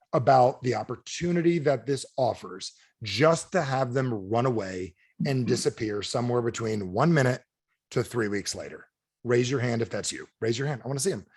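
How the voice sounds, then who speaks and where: Animated man giving a sales pep talk. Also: mid-range voice, husky, dry recording, clean studio sound. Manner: animated, asks the audience repeated questions. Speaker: motivational speaker. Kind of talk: energetic sales training talk. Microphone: video call.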